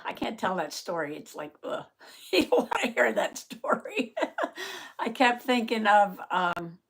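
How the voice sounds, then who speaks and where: Slow-talking, breathless woman chatting live. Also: fairly low pitch. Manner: chatty, laughs often, greets viewers by name. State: short of voice and out of breath. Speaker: journaling vlogger hosting a live stream. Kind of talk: casual live-stream chat.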